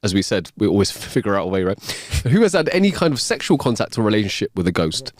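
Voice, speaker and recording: A man's voice: on the low side, big pitch swings, fast talker, dry recording. A man voicing a showy stage speaker who questions his audience about ghosts, in a grand announcing tone.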